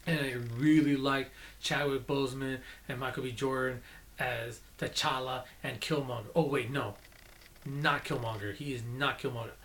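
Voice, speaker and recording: A man's voice: medium pitch, fairly even intonation, moderate pace, a bit bright, a little hiss or hum. Chatty man reviewing movies casually. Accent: non-native English, own accent. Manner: chatty, self-correcting, enthusiastic.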